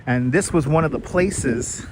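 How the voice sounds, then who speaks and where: A man's voice: on the high side, measured pace, noisy background. A man hosting a walking tour livestream outdoors in a city cemetery, chatty and greeting viewers by name, a little out of breath from walking uphill. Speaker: livestream host. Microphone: wireless clip-on mic.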